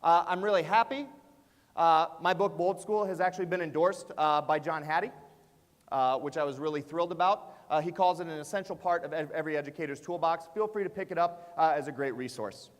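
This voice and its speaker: A man in his thirties telling a family story to an audience of teachers in an animated way, with many "uh"s and "right?"s. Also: fairly high pitch, fairly quick. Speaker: education speaker and author. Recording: long reverb of a large hall.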